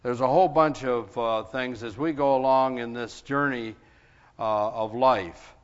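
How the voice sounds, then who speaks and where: A man leads a prayer and then preaches a sermon in church. He speaks very slowly and haltingly, and fillers break up his sentences. The recording is dull and lo-fi. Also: mid-range voice, clear, resonant tone, big-room sound. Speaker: pastor. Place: church sanctuary. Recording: lo-fi church broadcast.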